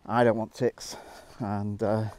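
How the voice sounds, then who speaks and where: In a valley beside a waterfall, a middle-aged nature photographer narrates his outdoor vlog in a lowish, slow voice. He gets excitable and keeps bursting into wows while explaining his photo compositions.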